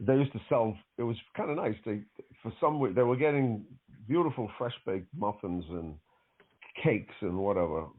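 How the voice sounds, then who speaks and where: A male podcast host, a bit congested from allergies, telling stories in a relaxed, rambling way full of fillers. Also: fairly low pitch, moderate pace. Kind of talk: casual chat. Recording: tinny phone-like line.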